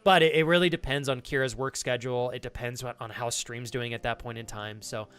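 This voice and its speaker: A man streaming live, chatting casually with his viewers and reacting to their messages, animated and hyped, with casual swearing. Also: mid-range voice, brisk, clean tone. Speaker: streamer reading chat.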